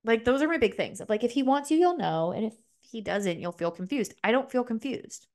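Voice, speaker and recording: A woman's voice: on the high side, animated, a little fast, darkish tone. A young adult woman hosting a podcast in a casual, candid solo chat, full of "like" fillers and the occasional swear word. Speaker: podcast host.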